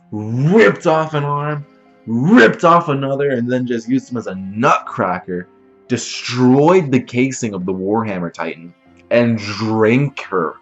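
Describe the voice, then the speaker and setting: A man's voice: medium pitch, dull audio. A man hosting a reaction channel, recapping an episode in a casual, rambling way with lots of fillers. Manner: animated, rambling retelling with many fillers.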